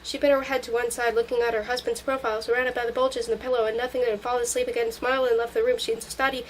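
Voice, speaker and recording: Fast-reading woman narrating a novel. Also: on the high side, a little hiss or hum, poor audio. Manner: fast, steady reading with small slips. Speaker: audiobook reader.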